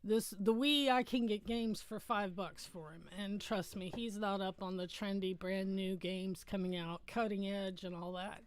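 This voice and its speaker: A woman's voice: mid-range voice, steady tone, moderate pace, hardly any pauses. A middle-aged woman hosting a casual livestream from home, chatting in a rambling way and correcting herself as she goes.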